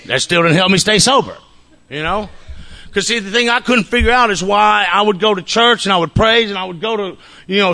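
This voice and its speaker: A man with a bright, forceful voice pitched a little on the higher side gives a recovery meeting testimony. He talks casually and bluntly, swears freely, and keeps checking in with his listeners. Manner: casual, profane storytelling with frequent "you know what I'm saying". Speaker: speaker sharing his recovery story.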